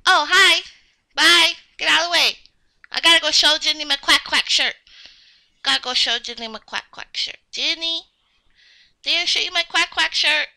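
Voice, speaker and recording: A woman with a very high, piercingly bright voice, doing a game role-play as a child. She whines and gets excited the way a little kid does, and her delivery is slow and drawn out. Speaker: game video creator.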